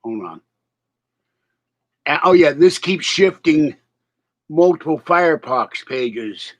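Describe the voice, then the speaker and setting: On a relaxed live stream, a male vlogger wanders off topic and chuckles at his own comments, slightly congested and a bit breathless. He speaks slowly but animatedly, in a fairly high voice.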